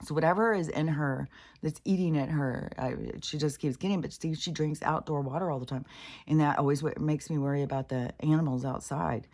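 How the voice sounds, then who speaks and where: Low-voiced woman rambling on her vlog, all over the place, lots of swearing. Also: brisk, darkish tone. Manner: scattered, swears a lot. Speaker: spiritual vlogger. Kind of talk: casual rambling monologue.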